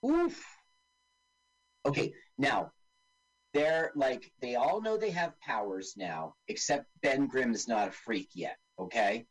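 A man's voice: mid-range voice, a little slow, husky, poor audio. A man co-hosting a radio talk show, chatting casually and joking while narrating what is on screen. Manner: animated, jokey, narrates on-screen action. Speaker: podcast co-host. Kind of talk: casual chat watching a film.

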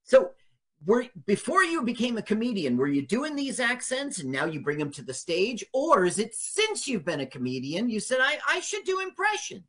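Man, radio host, interview, encouraging, lively pitch. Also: normal speed, slightly rough. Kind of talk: casual interview.

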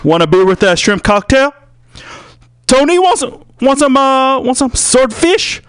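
A man voicing a loud seafood counter worker who keeps hawking food at a customer. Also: very high-pitched, sing-song, a little slow, clear, resonant tone, no echo, studio quality, pitched above the performer's own voice, heavily acted. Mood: pushy hawking. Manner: shouting, pushy, repetitive hawking.

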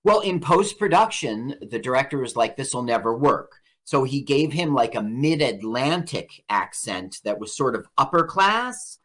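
A man's voice: medium pitch, very animated, unhurried, hardly any pauses, fairly bright tone. A man co-hosting a radio show, bantering and joking while they watch a movie, laughing often and acting out little bits. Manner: jokey storyteller, laughs often, acts out bits.

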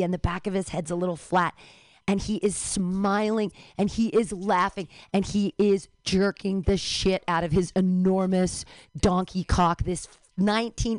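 A lowish-voiced middle-aged woman tells a comic story, animated and quick to break into loud wails. Her voice sits close and dry, with no room around it. She talks as if to friends on a radio show. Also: no room sound. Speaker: comedian telling a story.

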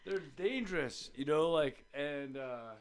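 On a radio show, a man with a fairly high, clear, resonant voice casually spins a long, rambling story. He speaks at a measured pace with lively intonation, swears freely, and slips into voices for the people in his tale.

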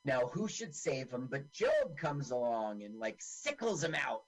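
A man's voice: mid-range voice, big pitch swings, unhurried, poor audio. A man co-hosting a podcast who narrates the on-screen action of a movie with sarcastic asides. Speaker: podcast co-host. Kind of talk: casual movie commentary.

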